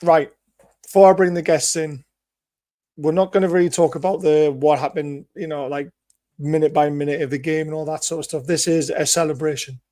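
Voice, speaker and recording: Guy hosting a fan show, voice half gone and hoarse, a bit high, dry close mic. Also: a little fast, no echo. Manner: excitable, laughing, hung over. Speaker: host. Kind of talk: casual chat.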